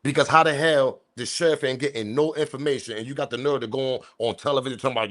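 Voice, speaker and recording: A man hosting a commentary video, ranting about the news with profanity and loud emphatic bursts. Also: medium pitch, fast, hardly any pauses. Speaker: commentary channel host.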